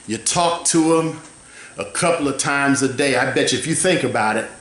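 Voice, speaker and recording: Male preacher, bright and ringing, slow and deliberate, builds to shouted call-and-response peaks in a reverberant sanctuary. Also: mid-range voice. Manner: drawn-out, emphatic phrasing. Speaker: pastor. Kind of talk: sermon. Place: church sanctuary. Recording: echoey church room.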